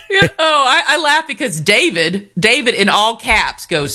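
Woman co-host, lively and bright-toned, animated storyteller for casual talk radio. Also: a little high, measured pace. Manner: animated storyteller, reads comments aloud. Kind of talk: casual chat.

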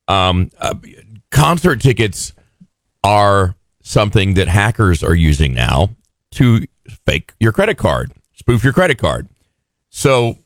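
A man co-hosting a casual chat, quick with reactions and side remarks. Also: low voice, no room sound, studio quality. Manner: chatty, quick reactions and asides. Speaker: co-host.

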